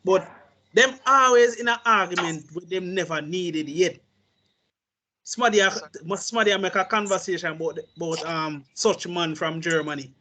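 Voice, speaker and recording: High bright-voiced man. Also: normal speed, slight background noise. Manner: patois-inflected, emphatic. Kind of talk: casual group chat.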